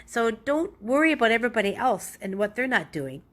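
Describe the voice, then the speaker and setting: A woman's voice: on the high side, sing-song, brisk, fairly bright tone. Earnest, rambling woman giving pep talk. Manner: earnest, rambling, self-correcting. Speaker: motivational vlogger. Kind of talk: casual motivational talk.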